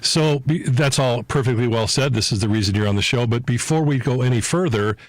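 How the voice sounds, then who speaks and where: A man's voice: medium pitch, a little fast, dry recording, low-quality recording. A man hosting a radio talk show, interviewing a guest in an encouraging, conversational way. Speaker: fill-in radio host.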